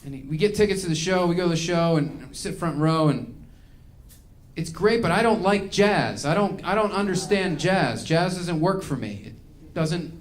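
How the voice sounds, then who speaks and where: A man's voice: on the high side, animated, normal speed. A man doing a stand-up comedy routine, ranting in an exasperated, self-mocking way.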